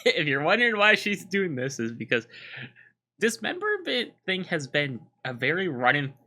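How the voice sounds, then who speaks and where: Bright, lively man with playful reactions. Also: fairly high pitch, moderate pace. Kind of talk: casual chat.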